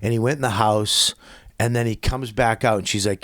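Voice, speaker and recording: A middle-aged man with a Boston accent, a comedian guest telling profane, animated stories in casual podcast chat. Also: on the low side, normal speed, dry recording, clean studio sound. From Boston area. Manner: profane, animated storytelling with acted-out quotes. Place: podcast studio.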